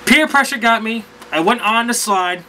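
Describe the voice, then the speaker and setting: Guy vlogger with a high bright voice, rambling casual story, tons of likes and you-knows. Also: moderate pace, slight background noise, rough recording. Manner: rambling, animated, lots of fillers.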